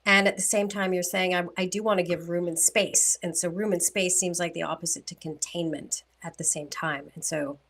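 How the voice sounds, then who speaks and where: A woman's voice: fairly low pitch, fairly even intonation, normal speed, few pauses, a bit bright. A woman co-hosting a relationship podcast, speaking thoughtfully and asking clarifying questions in casual talk. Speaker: podcast co-host.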